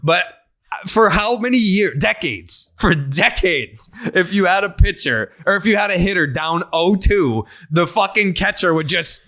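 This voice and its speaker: A man's voice: high voice, animated, measured pace, sharp tone. A man hosting a podcast, ranting profanely and with heat in casual chat. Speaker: podcast host.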